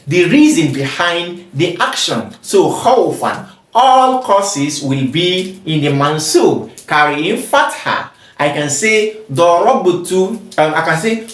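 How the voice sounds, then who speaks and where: A man teaching Arabic grammar in English, patiently explaining, repeating each example and its translation. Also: sits high. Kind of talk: recorded grammar lesson. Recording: echoey room.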